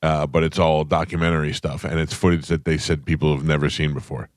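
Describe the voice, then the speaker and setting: Low-voiced radio guy rambling thru a funny story, dry close sound. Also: little pitch movement, quick pace, no echo. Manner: rambling storyteller, laughs mid-sentence. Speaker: radio host. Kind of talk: casual morning-show banter.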